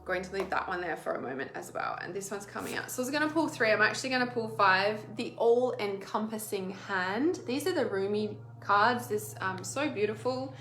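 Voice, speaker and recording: Bright-voiced chatty woman in a roomy space. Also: mid-range voice, expressive, brisk, few pauses. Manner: rambling, chatty, laughs often, frequent "like" fillers. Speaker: intuitive healer giving an oracle card reading. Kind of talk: casual spoken card reading.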